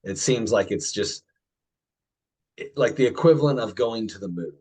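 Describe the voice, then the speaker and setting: Male podcast host, lowish husky voice, encouraging and a bit halting. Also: lively intonation, a little mellow. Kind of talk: casual chat.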